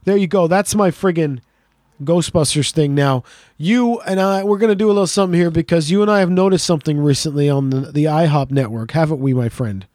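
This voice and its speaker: A man's voice: on the high side, brisk, darkish tone, no echo, clean studio sound. A middle-aged man co-hosting a podcast in casual chat, rambling and jokey and swearing freely. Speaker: podcast co-host.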